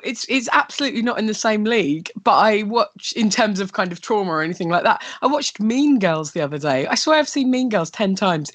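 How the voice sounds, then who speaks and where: A woman co-hosts a casual chat from home over a video call. She talks in a hesitant, self-deprecating way, trailing off with plenty of fillers. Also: mid-range voice. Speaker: host.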